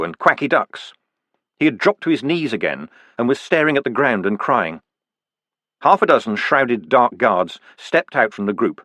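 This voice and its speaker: A man narrating an audiobook in a vivid, expressive way, with deliberate pauses. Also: mid-range voice, no room sound.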